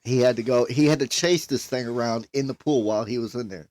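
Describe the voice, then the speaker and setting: A man at an average pitch, casually telling a story from his past and often breaking into laughter. The sound is dry and close, with no room around it. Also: fast talker, a little mellow, no echo. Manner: laughs often while telling funny stories. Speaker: storyteller guest.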